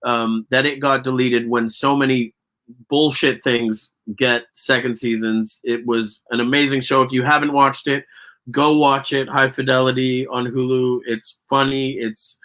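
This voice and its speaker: A Canadian man, an actor and guest, telling stories in a casual interview, animated and profane, often laughing. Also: mid-range voice, unhurried.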